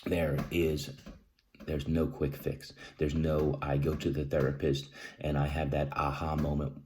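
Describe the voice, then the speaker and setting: A man giving earnest advice, emphatic and repetitive, often asking "right?" and clearing his throat between halting restarts. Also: a bass voice, monotone, darkish tone, slight background noise. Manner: emphatic, repeats key phrases, says "right?" often. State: emotional. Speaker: vlogger sharing personal experience. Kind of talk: earnest direct-to-camera advice talk.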